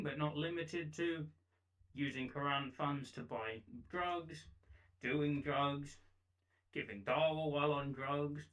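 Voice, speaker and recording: A man's voice: fairly high pitch, recorded from a distance, low-quality recording. Sarcastic commentary man, a bit off-mic. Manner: dry sarcastic, deadpan asides. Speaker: commentary video narrator.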